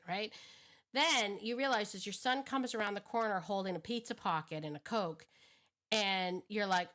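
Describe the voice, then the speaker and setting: A woman dog trainer talking through a lesson in a casual, animated way, laughing often and restarting her sentences. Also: medium pitch, moderate pace. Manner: animated, acts out inner thoughts, laughs often; frequent restarts and repeated words. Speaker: dog trainer, show host. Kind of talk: casual teaching monologue.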